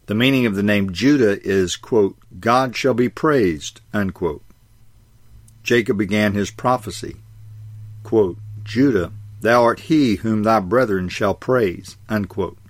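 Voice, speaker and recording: A man with a lowish voice reads a sermon in a measured way. He slows down to stress key phrases and marks each quotation aloud. The sound is dry and close. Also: no room sound. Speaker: preacher. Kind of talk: scripted sermon reading.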